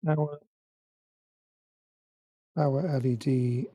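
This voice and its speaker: Quiet bloke mumbling thru a live stream, raspy, no room echo at all. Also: male voice, mid-range voice, steady tone, extremely slow, clean studio sound. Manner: muttering to himself, quiet and rambling. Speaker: streamer building a PC. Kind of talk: casual live-stream chat while working.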